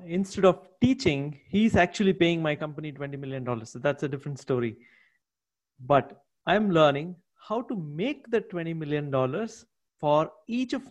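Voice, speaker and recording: A man on a video call, telling a coaching group about his goals in a brief, self-deprecating way. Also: a little high. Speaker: client sharing his story. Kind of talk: casual chat on a video call.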